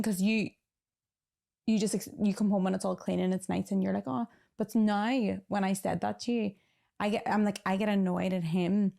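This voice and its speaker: A young woman hosting a casual podcast chat with her boyfriend, talking in a teasing, animated way. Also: medium pitch, gravelly. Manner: chatty, teasing, animated storytelling. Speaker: podcast host.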